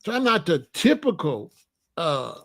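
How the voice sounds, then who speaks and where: A man in his sixties telling stories in a casual, animated way, full of street slang and "you know what I'm saying.". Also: fairly high pitch, unhurried. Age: 60s. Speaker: channel host. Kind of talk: casual storytelling monologue.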